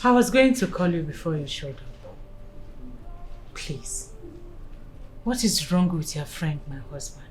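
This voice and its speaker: A woman's voice: sits low, lively intonation, measured pace, pauses often, over music. An actress playing a worried wife who pleads for answers about her husband. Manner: anxious, pleading.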